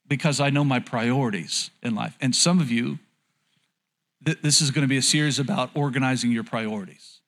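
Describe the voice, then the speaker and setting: Chatty preaching man, fairly high voice. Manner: conversational, repeats phrases, asks the congregation questions; candid and lightly joking. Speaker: pastor. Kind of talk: sermon.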